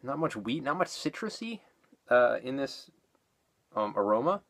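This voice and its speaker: A man's voice: mid-range voice, big pitch swings, a little slow. A man casually reviewing a beer, rambling with fillers and self-corrections, a little out of breath after exercise.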